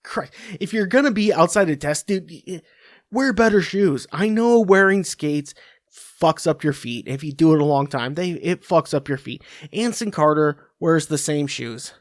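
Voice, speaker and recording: A man's voice: fairly high pitch, lively intonation, moderate pace, dry recording, studio quality. A man hosting a sports podcast, delivering a crude, sarcastic rant from his home office into a computer mic. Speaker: podcast host.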